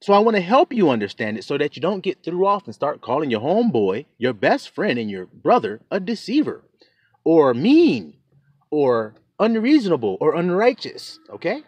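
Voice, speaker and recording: A man preaching a sermon, reading scripture and unpacking it line by line, his high voice leaping up and down as he builds to shouted peaks. The sound is close and dry, with no room around it. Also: wildly swooping pitch, normal speed, slightly rough, no echo. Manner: emphatic, rising to shouts, calls and responses to himself.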